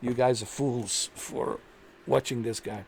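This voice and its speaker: A man's voice: medium pitch, steady tone, a little slow, vocal fry, darkish tone, a little hiss or hum. Indignant man ranting on his channel. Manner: indignant, repetitive, emphatic. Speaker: commentary channel host. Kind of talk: ranting video commentary.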